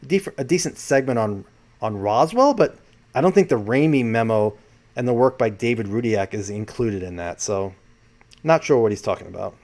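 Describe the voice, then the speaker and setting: Brief: male vlogger, mid-pitched voice, rambling casual commentary, self-corrects often. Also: lively intonation, normal speed, darkish tone. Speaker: channel host.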